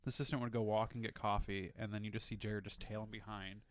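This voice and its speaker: A man co-hosting a podcast, chatting in a relaxed, offhand way and swearing often. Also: on the low side, fast talker. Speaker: podcast co-host. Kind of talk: casual chat.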